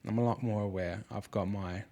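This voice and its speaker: A man's voice: fairly low pitch, steady tone, brisk, gravelly, warm tone. A man and father hosting a podcast, talking casually and rambling with lots of fillers and restarts. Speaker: podcast host.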